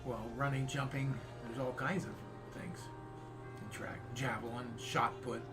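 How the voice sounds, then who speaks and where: A man's voice: mid-range voice, level tone, measured pace, over music. A middle-aged father co-hosting a podcast, talking in a folksy, easygoing way and laughing often. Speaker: podcast co-host. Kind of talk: casual chat.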